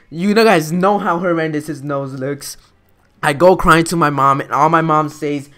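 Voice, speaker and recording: A man's voice: on the high side, moderate pace, sharp tone. A young man in a casual storytime vlog, talking slangy and loose, calling his viewers guys and dude. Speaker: vlogger.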